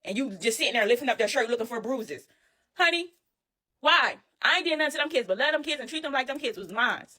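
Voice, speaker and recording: Woman, storytime monologue, rapid, indignant, high-pitched. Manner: animated, indignant, addresses listeners as y'all and honey. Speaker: storyteller recounting her own experience.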